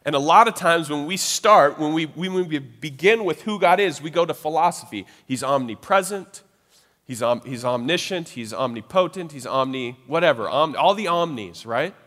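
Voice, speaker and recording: In a loose, chatty sermon, a man keeps tossing "right?" tag questions to his listeners. His expressive, fairly bright voice sits a little high for a man and rings out with a long reverb, as if in a church hall.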